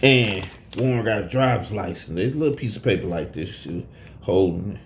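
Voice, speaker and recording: A man telling a profane personal story on a live stream, swinging between low asides and high, shouted quotes. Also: lively intonation, a little fast, reverberant, a little hiss or hum.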